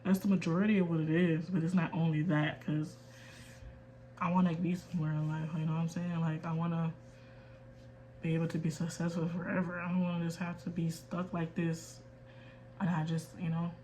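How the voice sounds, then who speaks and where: A woman's voice: on the low side, level tone, a little fast, slight background noise. Young woman in a candid vlog rant. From United States. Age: 20s. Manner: quiet and restrained, holding back tears, then firm and emphatic. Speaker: vlogger. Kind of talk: candid personal rant to camera.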